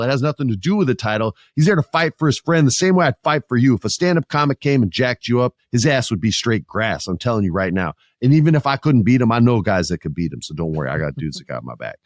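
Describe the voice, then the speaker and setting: A middle-aged man hosting a podcast, chatting about wrestling in a lively, joking way. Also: medium pitch, no room sound, clean studio sound. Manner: animated, joking, puts on voices. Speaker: podcast host. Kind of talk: casual wrestling chat.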